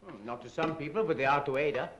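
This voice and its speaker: An actor in a 1930s film playing a vain, teasing exiled Russian prince, speaking with a put-on Russian-tinged accent in an airy, mocking way. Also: male voice, on the high side, fast, fairly bright tone, lo-fi sound. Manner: airy, mocking, laughs at others.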